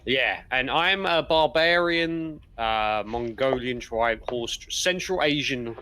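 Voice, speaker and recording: A man playing in a tabletop game, chatting playfully with quick asides over a video call. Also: mid-range voice, lively intonation, sharp tone, slight background noise. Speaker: player. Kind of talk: casual chat before a tabletop game.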